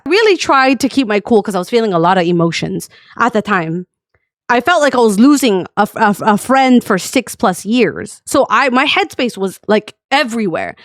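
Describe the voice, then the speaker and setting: A woman's voice: on the high side, sing-song, normal speed, no room sound, studio quality. A woman streamer ranting to her chat, heated and profane, with sarcastic outbursts. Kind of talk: storytime rant to stream chat.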